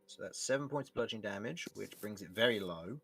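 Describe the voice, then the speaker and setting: A young man narrating as game master, relaxed and often laughing, with frequent restarts. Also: lowish voice, fast, vocal fry, breathy edge, no echo.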